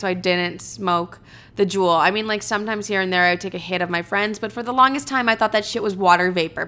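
Young woman podcasting, bright forward voice, rambly and blunt, swears a lot. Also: mid-range voice. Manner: candid, rambling, swears freely. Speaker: podcast host. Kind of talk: casual storytelling monologue.

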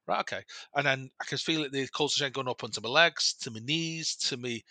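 A man's voice: mid-range voice, fast, few pauses, dry recording. A man, a podcast guest, telling a personal story in a rambling way with many restarts and quoted dialogue. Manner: animated retelling with quoted dialogue. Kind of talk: casual storytelling.

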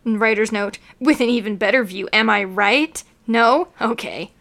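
A woman's voice: on the high side, measured pace, creaky, fairly bright tone. A young woman co-hosting a casual podcast, reading fanfiction aloud and breaking off with mocking, laughing asides. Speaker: podcast co-host.

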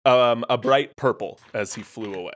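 A man's voice: medium pitch, a little hiss or hum. A man narrating a tabletop game as game master, casual and often stumbling over his words. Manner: halting, casual, self-correcting.

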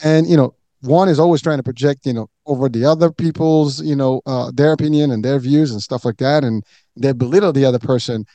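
A man's voice: medium pitch, fairly quick, dark tone, dry recording. A man hosting an interview, asking long questions full of restarts and fillers. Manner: rambling, many restarts and fillers. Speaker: interview host.

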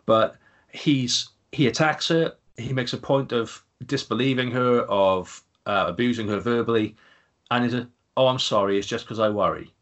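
A man co-hosting a casual podcast, rambling in exasperation about a bad film's scenes. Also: fairly low pitch. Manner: exasperated, rambling, restarts often. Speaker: podcast co-host. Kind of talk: casual film review chat.

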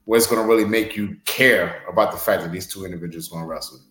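Earnest low-voiced wrestler, echoey room. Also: male voice, quick pace, fairly bright tone. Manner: earnest, rambling with many fillers. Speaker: pro wrestler guest. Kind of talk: podcast interview storytelling.

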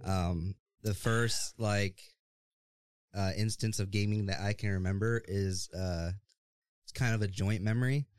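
A young man with a lowish voice talks casually as a podcast guest. He jokes around and trails off into fillers as he goes. His close-miked voice sounds dry, with no room around it. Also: steady tone, unhurried, clear, resonant tone, no echo. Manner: laid-back, joking, trails off with fillers. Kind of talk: casual chat.

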